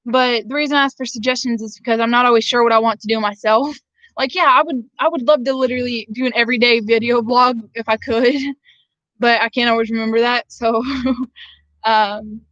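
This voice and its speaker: A woman's voice: fairly high pitch, steady tone, a little fast, fairly bright tone, dry recording, highs cut off. A woman from Georgia with a Southern drawl, casually chatting to her live-stream viewers and rambling with frequent laughs. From Georgia, USA. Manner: rambling, laughs often between sentences. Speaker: vlogger reading live chat.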